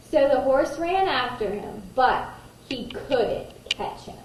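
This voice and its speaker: A woman kindergarten teacher reading a picture book aloud to children, gentle, pausing to ask them questions. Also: sits high, animated. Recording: roomy echo, distant mic, faint noise.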